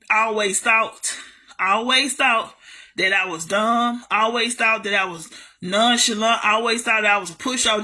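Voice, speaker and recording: A woman's voice: medium pitch, pushed and bright. A woman telling a story to her camera in a casual monologue, blunt and heavily profane, repeating herself for emphasis. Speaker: vlogger.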